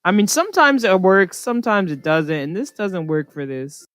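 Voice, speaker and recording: Woman in her twenties, New Jersey accent, sarcastic, blunt, casual chat, dead-dry mic, medium pitch. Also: sing-song, normal speed, no room sound. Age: 20s. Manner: blunt, sarcastic, laughing at herself. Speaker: podcast host. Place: online voice chat from home.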